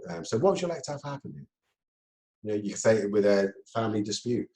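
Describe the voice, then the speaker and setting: A man giving a talk on communication, lively, laughing often and acting out quoted exchanges. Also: lowish voice, quick pace, rough recording. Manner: lively, laughs between points, acts out quoted dialogue. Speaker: speaker.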